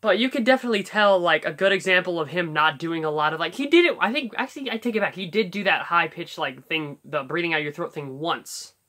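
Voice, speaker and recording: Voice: mid-range voice, lively intonation, fast, hardly any pauses, sharp tone. A YouTuber casually explaining how to do cartoon voice impressions, rambling and full of fillers as they think aloud. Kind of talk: casual tutorial talk.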